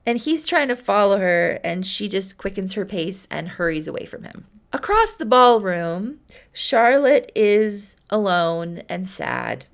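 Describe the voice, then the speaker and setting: A woman recapping a story with wry, deadpan asides. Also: mid-range voice, a little slow, vocal fry. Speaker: host.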